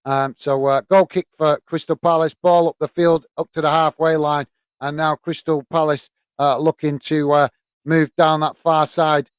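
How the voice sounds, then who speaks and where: A man's voice: on the high side, little pitch movement, normal speed, smooth, no room sound. A man hosting a live football watch-along from the UK, describing play and chatting with viewers, hesitant with many fillers. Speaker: host. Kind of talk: live match commentary and chat.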